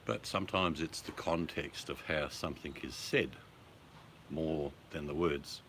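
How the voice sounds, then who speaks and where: Deep-voiced Australian man chatting casually. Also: a little slow, a little hiss or hum. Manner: relaxed, chatty, swears casually. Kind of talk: casual chat with viewers.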